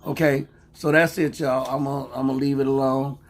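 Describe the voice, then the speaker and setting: A man's voice: medium pitch, flat delivery, brisk. An older man hosting a casual vlog, teasing and joking in a folksy, playful way with his grandson. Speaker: vlog host. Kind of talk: casual live chat with grandson.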